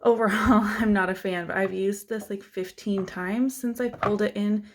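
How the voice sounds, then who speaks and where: A woman's voice: mid-range voice, fairly even intonation, moderate pace, slight background noise. A young adult woman vlogging in a casual, chatty and self-deprecating way, laughing often as she goes through her makeup drawer. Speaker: beauty vlogger. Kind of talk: casual chat.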